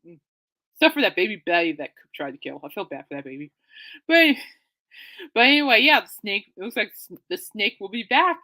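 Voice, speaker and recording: A woman hosting her own podcast, rambling casually and excitably, often correcting herself. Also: mid-range voice, a little fast. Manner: chatty, excitable, self-correcting. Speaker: podcast host.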